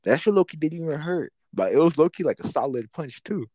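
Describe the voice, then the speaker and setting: A man's voice: on the high side, expressive, brisk, dark tone, dry recording. A young man telling a schoolyard fight story in casual, profane slang, acting out his own past lines.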